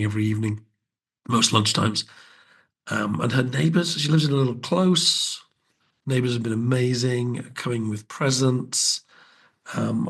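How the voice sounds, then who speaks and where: A middle-aged podcast host, hoarse and croaky, chatting casually while he walks through his house. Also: mid-range voice, fairly bright tone. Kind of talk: casual chat.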